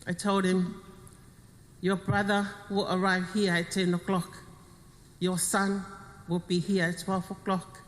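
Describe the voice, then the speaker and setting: Slow-speaking Samoan-accented widow, echoing hall. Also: female voice, on the low side, flat delivery. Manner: halting, heartfelt, short broken phrases, switching into Samoan. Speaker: widow of the deceased. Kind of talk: funeral eulogy. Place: funeral service venue. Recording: long reverb of a funeral hall.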